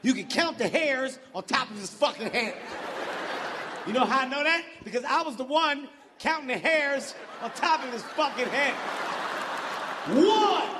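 A man in his forties doing a loud, profane stand-up comedy set, swooping in pitch and shouting his punchlines. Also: animated, measured pace, noisy background. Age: 40s. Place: large arena stage. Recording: big hall with crowd and laughter.

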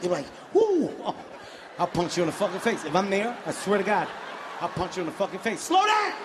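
A man doing a stand-up routine, telling stories in a brash, profane, animated way with shouted outbursts. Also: a little high, in a large hall, heavy background noise. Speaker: stand-up comedian. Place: large venue with audience.

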